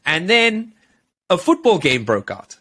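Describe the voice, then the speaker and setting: A man's voice: high voice, very animated, measured pace, a bit bright. Rambling male podcast co-host. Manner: rambling, many fillers and restarts. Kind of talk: casual chat, storytelling.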